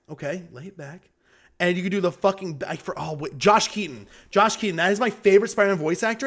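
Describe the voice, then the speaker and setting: A man's voice: high-pitched, fairly bright tone. A man giving casual, profane, opinionated commentary while he plays a game. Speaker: gaming streamer.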